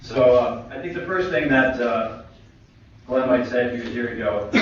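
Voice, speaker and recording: A man's voice: mid-range voice, moderate pace, very noisy. A man in his forties, a physician speaking at a memorial tribute, tells humorous stories with lots of "you know" fillers. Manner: chatty, filler-heavy storytelling with humor. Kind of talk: memorial tribute talk with anecdotes. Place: lecture hall. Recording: echoey hall, distant mic, dull livestream audio.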